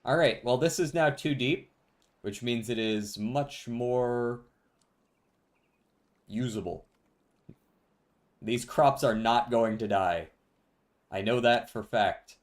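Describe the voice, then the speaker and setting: A man casually commenting on his gameplay to a live chat, relaxed and laughing often. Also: medium pitch, slow pace, long pauses. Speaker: streamer.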